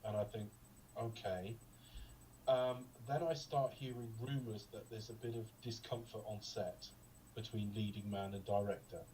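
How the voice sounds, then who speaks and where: A man's voice: on the low side, steady tone, moderate pace, warm tone, far from the mic, slight background noise, poor audio. A man co-hosting a podcast, chatting casually about a film in a rambling, digressive way with lots of ums. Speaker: podcast co-host. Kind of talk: casual film review chat.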